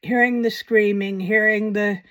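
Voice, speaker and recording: A woman's voice: mid-range voice, steady tone, a little slow, a bit bright. A woman hosting a paranormal channel, talking in a casual, rambling commentary with wry, self-mocking asides.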